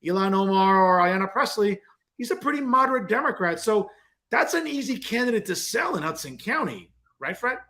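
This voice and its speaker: Male talk show host, higher voice, animated and opinionated. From New Jersey. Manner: animated, opinionated, fast asides. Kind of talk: political talk show interview.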